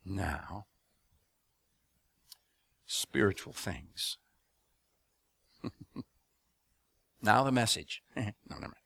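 A man preaching a sermon to a congregation, asking them to respond and building up rhythmic repeated phrases into loud emphatic bursts. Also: fairly low pitch, lively intonation, slow pace, gravelly, pauses often, husky, dry recording. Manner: addresses congregation with call-and-response questions.

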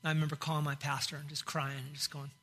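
A man's voice: fairly high pitch, monotone, fast talker, pushed and bright, husky. A male pastor preaching a sermon in an impassioned way, with many restarts and repeated phrases.

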